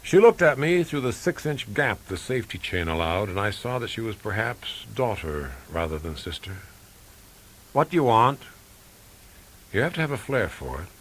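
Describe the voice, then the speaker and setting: A man reading a first-person novel aloud in a dry, measured, wry way. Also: sits low, fairly bright tone. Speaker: audiobook reader. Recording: faint tape hiss.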